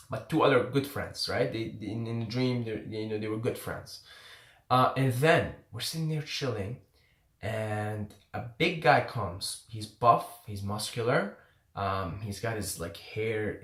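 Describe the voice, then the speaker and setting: Relaxed guy telling a story, lots of "like" and "you know", roomy echo. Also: lowish voice. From Syria. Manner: laid-back, rambling with many fillers. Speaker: self-help vlogger. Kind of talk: casual storytelling. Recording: echoey room.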